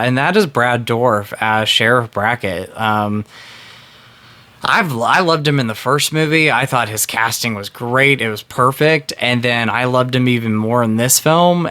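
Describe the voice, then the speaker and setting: A man's voice: medium pitch, measured pace, pushed and bright, clean tone. A man in his thirties giving a casual, earnest film review, rambling with lots of fillers and restarts. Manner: earnest and emotionally invested.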